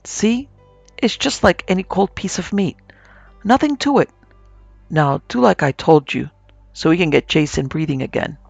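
A man voicing an old rural woman said to be half witch, calm, coaxing and folksy. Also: fairly high pitch, moderate pace, creaky, long pauses, slightly rough, no echo, faint music behind, exaggerated voice. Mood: brusque.

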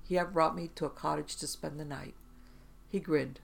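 A storyteller giving a steady, even reading of first-person tales, including a spooky one. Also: mid-range voice, normal speed, creaky.

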